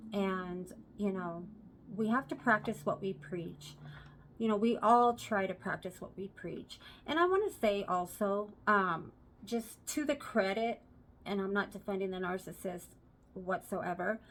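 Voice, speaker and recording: A woman vlogger giving relationship advice in a casual talk to camera, chatty and repeating herself for emphasis. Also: fairly high pitch.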